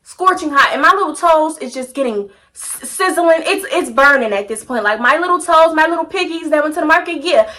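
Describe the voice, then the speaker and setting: A young woman telling a casual storytime, animated and slangy, repeating phrases for comic effect. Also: high voice, brisk, hardly any pauses.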